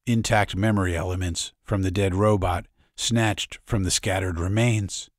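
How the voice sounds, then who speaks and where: A man narrating an audiobook in a measured, dramatic reading, recorded in a studio. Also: low voice, steady tone, no echo. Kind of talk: scripted narration.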